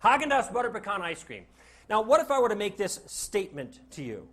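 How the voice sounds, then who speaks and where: A male lecturer speaking to a classroom, with a fairly high voice that swoops up and down as he jokes. He keeps the room involved by asking the class rhetorical questions. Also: a little fast. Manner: animated, joking, asks the class rhetorical questions. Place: classroom with a live audience.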